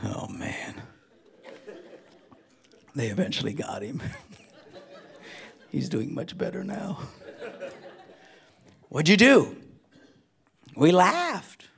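A middle-aged male pastor preaching a humorous sermon, telling comic stories and swinging between loud bursts and hushed asides. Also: a little high, wildly swooping pitch, drawn-out words, gravelly, pauses often.

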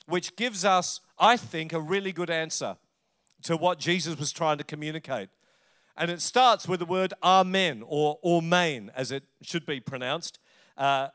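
A man's voice: high voice, a bit bright, clean tone. A middle-aged man with an Australian accent, preaching a conversational sermon and telling stories with jokes along the way. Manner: chatty, joking storyteller. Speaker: pastor.

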